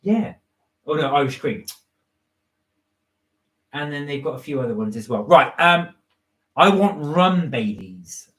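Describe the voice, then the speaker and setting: A man's voice: a little high, lively intonation, unhurried, long pauses, a bit bright. A British man with a country accent co-hosting a live stream, teasing and reading viewer comments. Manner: teasing, reads comments aloud. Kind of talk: casual chat. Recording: echoey room.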